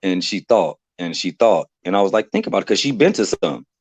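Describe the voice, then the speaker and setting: A man on a live stream discussion, talking in an animated, profane way and laughing often. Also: deep voice, normal speed, slightly rough, no echo. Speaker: livestream panelist. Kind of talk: heated casual discussion. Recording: dry, dull lo-fi sound.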